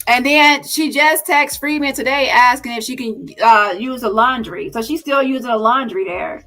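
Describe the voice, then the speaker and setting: Over soft background music on a low-quality recording, a commentary channel host with a high, slightly bright voice speaks at a moderate pace. She's confrontational, challenging her viewers in a heated way and addressing them as "y'all."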